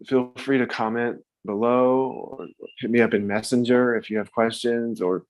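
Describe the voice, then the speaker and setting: A man leading a guided breathing meditation, speaking slowly and calmly with pauses. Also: medium pitch. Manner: slow, calm guidance with pauses. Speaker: breathwork teacher. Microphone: own microphone, touched while moving.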